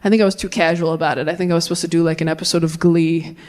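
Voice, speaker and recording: A woman in her thirties performing stand-up comedy on stage, telling stories with quick deadpan turns and playful voices. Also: on the low side. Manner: animated, deadpan storytelling with jokey voices. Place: comedy stage before a live audience.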